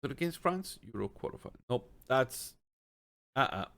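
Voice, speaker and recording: A man's voice: mid-range voice, sing-song, normal speed, gravelly, fairly bright tone. A man giving casual let's-play commentary on a football management game, chatty and thinking aloud, with bursts of exasperated ranting. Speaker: gaming streamer.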